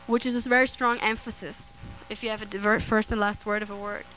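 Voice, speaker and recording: A woman preaching a sermon on scripture, earnest and prone to restarts and soft laughter. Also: medium pitch, level tone, brisk, slight background noise, low-quality recording.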